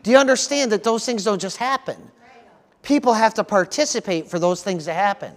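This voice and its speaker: At a church service, a male pastor preaches a sermon in a high voice at a fairly quick pace. He's earnest and repeats his words, often pausing to call on the congregation for an "amen."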